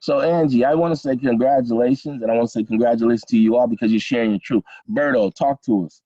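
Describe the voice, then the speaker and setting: A man's voice: medium pitch, fast, mellow, no room sound. A middle-aged man leading an online class, encouraging and repeating himself with many fillers over a video call. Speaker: college program instructor. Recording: dull lo-fi video call audio.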